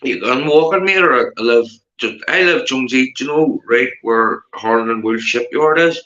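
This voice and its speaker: Chatty belfast man, bright echoey sound. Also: normal speed, dull audio. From Northern Ireland. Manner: chatty, keeps saying mate, animated rises in pitch. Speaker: livestream host. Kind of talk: casual livestream chat.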